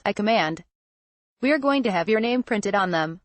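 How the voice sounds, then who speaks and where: A woman narrating a memoir excerpt in an even, measured reading voice that changes little for the quoted lines. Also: medium pitch, no echo. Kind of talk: steady read-aloud narration.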